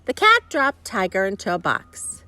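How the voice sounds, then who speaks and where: A woman reading a children's story aloud, expressive, with chuckling asides to her listeners. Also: medium pitch, normal speed, no room sound. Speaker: storybook reader.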